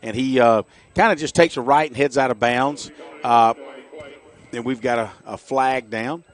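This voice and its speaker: A middle-aged man giving chatty, folksy color commentary on a high school football game for radio. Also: normal speed. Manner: folksy, chatty, jokey asides.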